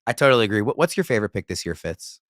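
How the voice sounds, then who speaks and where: A man's voice: on the low side, big pitch swings, rapid-fire, fairly bright tone, no echo, clean studio sound. A man hosting a casual sports analysis chat, moderating and putting questions to his guests. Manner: moderating, leading the talk with questions. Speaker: podcast host.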